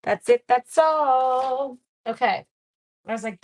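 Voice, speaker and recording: A woman's voice: on the high side, unhurried, darkish tone, low-quality recording. A middle-aged woman leading a live-streamed card-making demo, chatting casually and poking fun at herself as she works. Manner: chatty, self-deprecating, talks while working.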